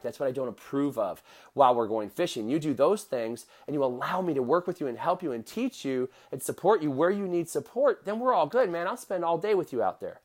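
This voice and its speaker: A middle-aged man hosting a motivational podcast, talking straight to his listeners in an earnest, direct way. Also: medium pitch. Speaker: podcast host.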